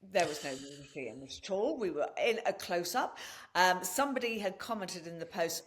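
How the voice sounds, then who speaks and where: A woman guest on a podcast interview, telling her own story in a candid, blunt and animated way, swearing freely. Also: lowish voice, fairly quick, a little hiss or hum. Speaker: podcast guest and wellness practitioner.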